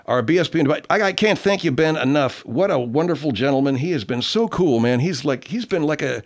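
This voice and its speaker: A man's voice: fairly high pitch, expressive, fairly quick. A man hosting a radio show in casual banter, rambling, easygoing and freely profane. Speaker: radio host.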